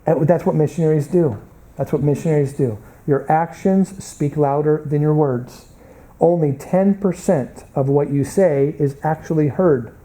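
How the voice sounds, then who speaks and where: An American man teaches a Bible college class, lecturing through stories and acting out the people he quotes. His voice sits on the high side and sounds warm, his pace is moderate, and the audio quality is poor.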